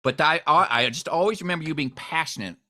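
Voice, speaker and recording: A man hosting an interview, telling a story with expressive swings in pitch and volume. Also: fast talker. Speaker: host.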